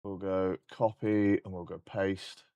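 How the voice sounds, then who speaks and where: A man chatting casually on a live stream while coding, joking, swearing and dictating instructions slowly. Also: sits low, level tone, warm tone, clean tone, no echo, highs cut off.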